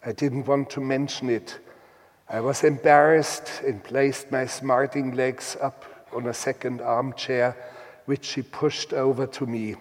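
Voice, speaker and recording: Male storyteller, deliberate and halting delivery, very slow, recorded with a long reverberant tail. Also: mid-range voice, steady tone. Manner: halting, deliberate, with many restarts. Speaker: guest telling a story. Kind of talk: slow reflective storytelling with readings.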